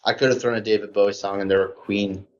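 A man's voice: on the low side, little pitch movement, fast talker. Brief: man, rambling gamer chat, lots of "like", muffled lo-fi recording. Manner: rambling, heavy use of "like", enthusiastic fan tone. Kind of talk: casual podcast chat. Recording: dull lo-fi audio.

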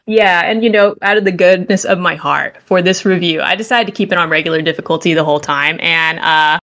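A woman hosts a casual chat show in a slightly low voice. She rambles with animated, joking enthusiasm, quick asides breaking into her review. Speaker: podcast host reviewing a game.

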